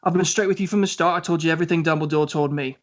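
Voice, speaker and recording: Man reading as a teenage boy wizard, stubborn, defensive, clipped, higher pitch. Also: steady tone, rapid-fire, highs cut off, lightly acted. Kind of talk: podcast read-through of a scene.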